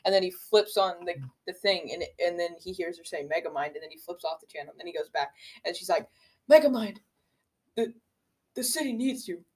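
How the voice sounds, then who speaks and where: A man's voice: high voice, level tone, quick pace. A man co-hosting a casual movie podcast, talking hesitantly with many ums as he works through his notes. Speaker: podcast co-host. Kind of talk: casual movie-review chat.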